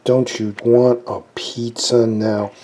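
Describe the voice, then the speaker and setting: A man in a mid-pitched voice rambles through a casual home vlog. He corrects himself often and sometimes talks while eating. A faint noise sits behind him. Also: little pitch movement, takes it slowly, warm tone. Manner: rambling, chatty, self-correcting. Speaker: movie review vlogger.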